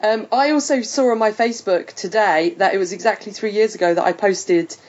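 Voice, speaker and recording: A woman hosting a casual podcast chat, chatty and quick to laugh, thinking aloud with fillers. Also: medium pitch, darkish tone. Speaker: podcast host. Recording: muffled lo-fi podcast audio.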